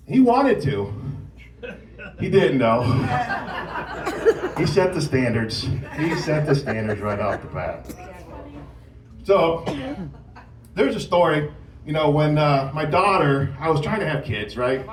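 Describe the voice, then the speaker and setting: A man in his forties doing a stand-up set at an open mic, telling stories and acting out shouting drill instructors, with the audience laughing. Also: a little high, very animated, a little slow, far from the mic. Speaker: stand-up comedian. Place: comedy club stage. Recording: roomy club sound from off mic with loud crowd laughter.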